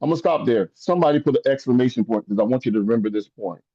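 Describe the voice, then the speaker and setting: A man giving an impassioned motivational talk, preacher-like, repeating phrases and rising to high emphatic peaks. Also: lively intonation, rapid-fire, warm tone, slightly rough, dry recording, highs cut off. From rural upbringing. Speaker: motivational speaker.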